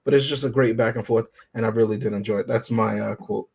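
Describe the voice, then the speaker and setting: A man's voice: lowish voice, fairly even intonation, fast, creaky, a little mellow, slightly rough, poor audio. A man on a movie review panel, talking enthusiastically in casual podcast chat, often checking in with "right?". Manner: enthusiastic, often asks "right?" and "you know what I mean?".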